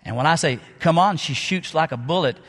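A middle-aged male pastor preaching a sermon, telling stories with dramatic pauses and swings between loud and soft. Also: fairly high pitch, slightly rough. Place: church sanctuary. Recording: long reverb of a large hall.

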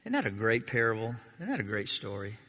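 A man's voice: fairly low pitch, huge pitch swings, fast, bright, forceful tone. Preaching man in a reverberant hall. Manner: conversational preaching, asks the audience questions. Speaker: pastor. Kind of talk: sermon with Bible reading.

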